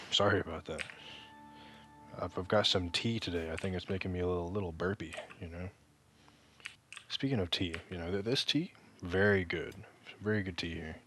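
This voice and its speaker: Deep-voiced man rambling over gameplay. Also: fairly bright tone. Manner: rambling, joking, self-deprecating; halting, frequent restarts. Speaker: gaming video creator. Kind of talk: casual gameplay commentary.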